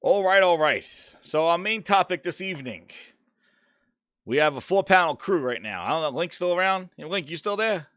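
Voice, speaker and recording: A man hosting a casual gaming podcast, ranting loudly and swearing as he talks through the news. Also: fairly high pitch, normal speed, dry recording. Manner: ranting, profane, animated. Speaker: podcast host.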